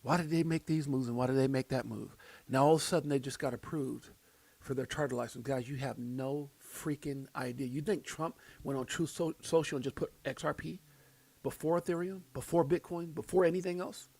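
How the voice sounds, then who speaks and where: A man hosting a crypto livestream, reacting with fervent, preachy commentary, repeating himself and joking about his own excitement. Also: mid-range voice, brisk, vocal fry, no room sound.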